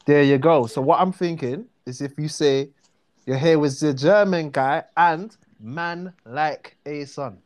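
A man's voice: a little high, a little slow. A young man with a South London accent chatting as a guest, laughing often and teasing, repeating his phrases. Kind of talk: casual chat.

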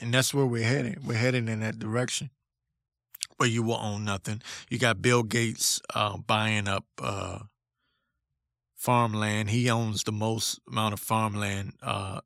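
Guy ranting solo on his podcast, cussing a lot, bright edgy voice, dry close sound. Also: on the low side, flat delivery, measured pace, gravelly, dry recording. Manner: blunt, profane, combative. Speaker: podcast host.

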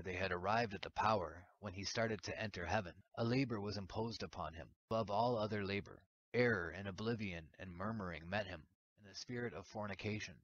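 A man giving a steady, solemn reading of an archaic religious text. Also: sits low. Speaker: reader. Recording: dull lo-fi recording.

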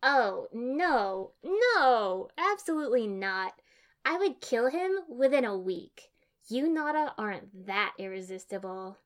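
A woman's voice: a little high, lively intonation, moderate pace, natural voice. A woman voicing a brash, dramatic teenage girl who complains in emphatic, whiny outbursts. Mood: scornful.

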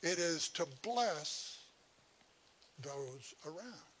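A man's voice: fairly high pitch, expressive, extremely slow, fairly bright tone. A man preaching a sermon as pastor, often repeating and restarting words, then driving points home with rising emphasis.

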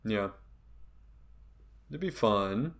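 A man's voice: fairly low pitch, animated, very slow. A man co-hosting a podcast, chatting casually and teasing his friends with frequent laughs. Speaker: podcast co-host. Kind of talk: casual chat.

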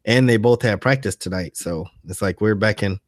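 A man's voice: lowish voice, moderate pace, no echo, studio quality. A man co-hosting a podcast in casual chat, easygoing and offhand. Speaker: podcast co-host.

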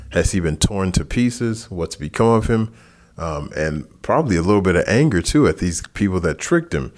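A man teaching a Bible passage in a relaxed, conversational sermon, who rises in pitch for lively asides. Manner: casual and animated, jumps higher in pitch for asides. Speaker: pastor.

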